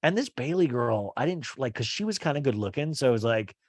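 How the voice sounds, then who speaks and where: A young man hosts a loose, comedic recap of a reality show, rambling and swearing freely. His voice sits at an ordinary male pitch. The sound is dry and close, with no room echo. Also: lively intonation, quick pace, few pauses. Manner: rambling and profane, heavy use of "like".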